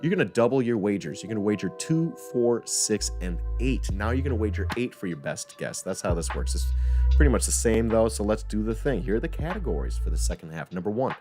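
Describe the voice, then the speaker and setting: A man hosts a casual live-stream trivia game, cracking jokes and wandering off into self-correcting asides. His voice sits a little low. Music plays clearly under his talk. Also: sing-song, brisk, dark tone. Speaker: trivia host. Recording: music playing behind the voice.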